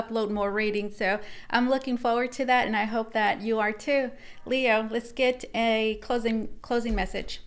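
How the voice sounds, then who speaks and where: A woman's voice: a little high, a bit bright, slight background noise. A woman tarot reader talking casually to viewers, rambling and repeating herself as she reads the cards. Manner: rambling and repetitive, addressing viewers as guys. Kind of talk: casual tarot reading to camera.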